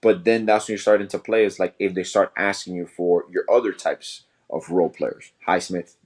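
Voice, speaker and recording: Low-voiced, relaxed podcast co-host man. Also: normal speed. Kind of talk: casual sports podcast chat.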